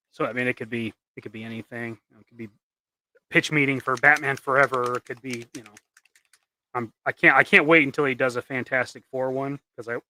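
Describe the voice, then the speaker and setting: Bright and forceful, this mid-range male voice belongs to a live streamer who customizes action figures by painting them. He talks casually to viewers, rambling and cracking jokes with many restarts, and the recording is dry.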